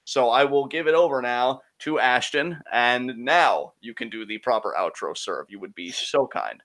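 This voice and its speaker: Bright-voiced animated young man. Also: medium pitch, normal speed. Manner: animated, mock-dramatic, playful. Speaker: co-host. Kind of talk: casual podcast banter.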